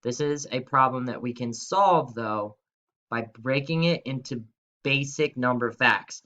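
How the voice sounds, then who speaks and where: A man's voice: medium pitch, measured pace, pushed and bright. A young man teaching a video lesson to schoolchildren in an upbeat, chatty way, talking straight to the kids. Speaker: third-grade teacher.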